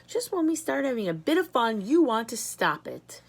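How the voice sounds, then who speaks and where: A woman's voice: a little high, big pitch swings, moderate pace, vocal fry, pitched above the performer's own voice, full character voice. A woman voicing a wild, rude old grandmother in a storybook, shrieking and scolding.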